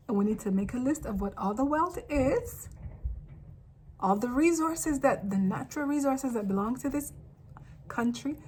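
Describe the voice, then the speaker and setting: An animated woman from Africa vlogging her thoughts, pitched a touch high and drifting off into rambling asides. Her talk is loose and spontaneous, with a faint hum of room ambience under it. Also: low-quality recording. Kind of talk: casual spiritual monologue.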